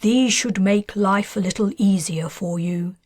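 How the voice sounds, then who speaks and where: Woman narrator plays a firm, controlled man striking a deal; slow and deliberate. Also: sits high, no echo, studio quality. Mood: brisk. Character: guarded, bargaining upper-class man.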